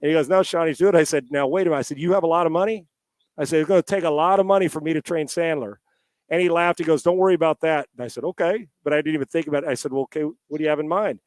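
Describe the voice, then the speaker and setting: A man's voice: fairly high pitch, rapid-fire, dry recording. Man telling a story in a dry, close voice. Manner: lively, rambling, with restarts and swearing. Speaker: podcast guest, former quarterback. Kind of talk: storytelling in a casual interview. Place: at home. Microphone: headset.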